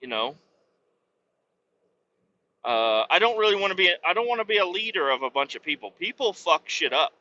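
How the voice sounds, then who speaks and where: A man's voice: sits high, very animated, normal speed, long pauses, bright, forceful tone, dry recording, lo-fi sound. A man hosting a podcast from his truck cab, rambling and joking with lots of swearing in a casual monologue. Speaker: podcast host. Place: truck cab while driving.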